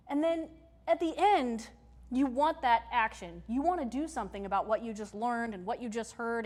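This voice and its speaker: Woman workshop presenter, slightly high voice, chatty, emphatic, speaking into a mic before a room. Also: darkish tone. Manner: conversational, emphatic, checks in with the audience. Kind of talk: live technical-community workshop talk. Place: meetup room with audience. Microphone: handheld or stage mic.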